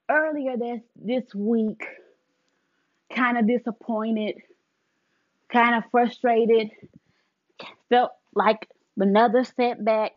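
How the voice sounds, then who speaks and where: Woman podcast host, high voice, unhurried devotional delivery, earnest and repetitive, slightly muffled lo-fi sound. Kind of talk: devotional encouragement and prayer.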